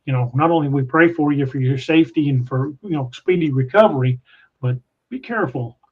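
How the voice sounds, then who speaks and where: Man, podcast host, casual rambling chat, frequent restarts, fairly high voice, dull lo-fi sound. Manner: rambling storyteller with many restarts. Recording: muffled lo-fi audio.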